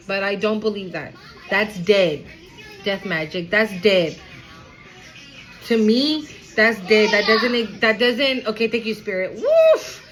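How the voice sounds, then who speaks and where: A woman's voice: medium pitch, lively intonation, a little slow, fairly bright tone, low-quality recording. A woman giving a casual, emphatic tarot reading, chatting freely and swearing as she passes on messages. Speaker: tarot reader.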